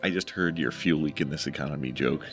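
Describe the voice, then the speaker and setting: A man giving casual play-by-play commentary on a tabletop miniatures game, calmly explaining each move. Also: a bass voice, fast talker, soft background music. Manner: relaxed, explains moves step by step.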